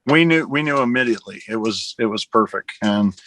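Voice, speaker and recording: A man who is a charity organizer, guesting on a podcast and speaking warmly and gratefully, stumbling over the starts of his sentences. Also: fairly low pitch, lively intonation, fairly quick, poor audio. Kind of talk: casual interview talk.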